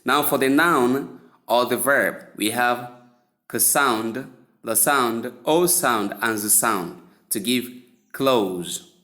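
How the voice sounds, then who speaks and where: Male pronunciation teacher, unhurried and deliberate, spells words out letter by letter, mid-pitched voice. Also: bright, forceful tone. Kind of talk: spoken English lesson.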